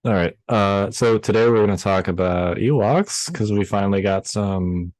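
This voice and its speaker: A man's voice: fairly low pitch, normal speed, a little mellow, no room sound. A man co-hosting a podcast in casual chat, easygoing and steering the conversation. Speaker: podcast co-host.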